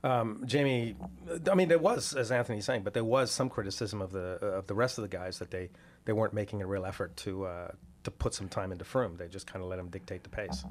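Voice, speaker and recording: Guy hosting a podcast with a croaky voice, chatty, jokes at himself. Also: on the low side, brisk. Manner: chatty, self-mocking. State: croaky voice from illness. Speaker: podcast host. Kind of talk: casual panel chat.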